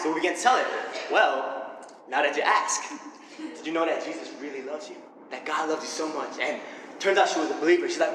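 High bright-voiced young man preaching. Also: brisk, a little hiss or hum. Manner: energetic, animated, laughs often. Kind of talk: sermon with personal stories. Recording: echoey hall with faint ambience.

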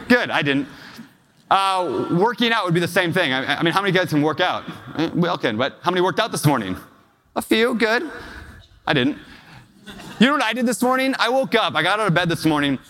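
Man, fairly high voice, keynote storytelling, quizzes the audience, long hall reverb. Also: fairly bright tone. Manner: personal, emotional storytelling with audience questions. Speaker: real estate investor giving a talk.

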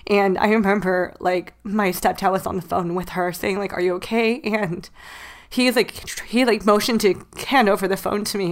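A woman in her late twenties, a podcast host, telling a painful family memory in casual chat, close to tears and full of "like" fillers. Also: medium pitch. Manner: emotional, tearful storytelling with many "like" fillers.

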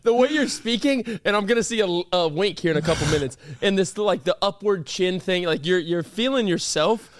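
A man with a high, lively voice co-hosts a podcast from a studio. He is excitable and quick to mock, and his pitch leaps around as he jokes. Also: no echo. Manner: animated, excitable, quick to mock and laugh loudly. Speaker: podcast co-host. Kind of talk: casual podcast banter.

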